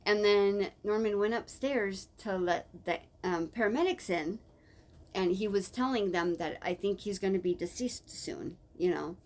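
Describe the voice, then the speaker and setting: A woman's voice: medium pitch, a little slow. A woman telling a personal story in a casual, rambling way, with many fillers and self-corrections. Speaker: vlogger.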